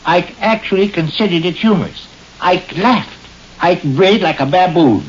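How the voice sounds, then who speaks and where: Grandiloquent middle-aged husband, 1930s radio comedy, dull hissy sound. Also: male voice, sits high, expressive, moderate pace. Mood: pompous aggrieved. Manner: grandiloquent, formal wording. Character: pompous middle-aged husband, ornate and solemn. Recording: hissy lo-fi old radio recording.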